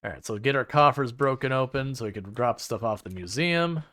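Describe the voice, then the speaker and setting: A man's voice: mid-range voice, a little fast, bright, forceful tone. A man live-streaming a game, chatting casually and rambling with sarcastic asides to his viewers from a home setup. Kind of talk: casual live-stream chat while playing.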